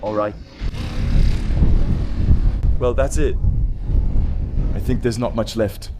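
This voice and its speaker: A man's voice: on the low side, steady tone, takes it slowly, noisy background. A man vlogging a walk through hilly city streets, chatty and rambling, often repeating his words. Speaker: travel vlogger. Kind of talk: casual vlog chat while walking.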